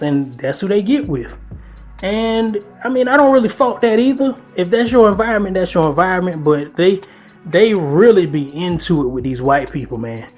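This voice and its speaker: Blunt, profane man ranting casually. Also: a little high. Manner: blunt, profane, laughing asides. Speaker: commentary channel host. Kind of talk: casual opinion commentary.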